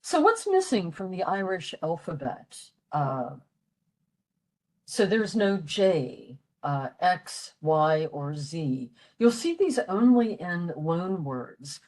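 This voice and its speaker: A woman's voice: fairly low pitch, very animated, slow, a little mellow, rough recording. An older woman from western Pennsylvania giving a patient, explanatory library talk, with frequent fillers. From western Pennsylvania, USA. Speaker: library program presenter. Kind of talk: informal language lecture.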